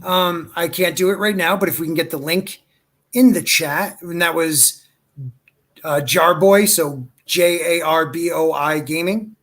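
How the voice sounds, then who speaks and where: A man's voice: a little high, fairly even intonation, unhurried, a bit bright. Upbeat casual man hosting a podcast. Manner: loose and enthusiastic, calls guest dude and brother. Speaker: podcast host. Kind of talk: casual live-stream chat.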